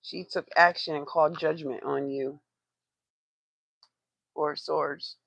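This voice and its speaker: Tarot reader on a livestream: gravelly, cursing, blunt, chatting to viewers, dry close sound. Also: mid-range voice, fairly even intonation, takes it slowly, a bit bright, no echo. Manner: blunt and profane, swears for emphasis; talks to the live chat, calling out to viewers.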